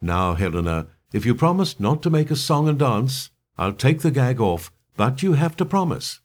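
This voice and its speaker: A calm, menacing male abductor coaxes his captive in a smooth, controlled voice, as a male reader puts him on. The tone sits a little above the reader's usual low register and keeps a husky edge. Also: moderate pace. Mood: coaxing.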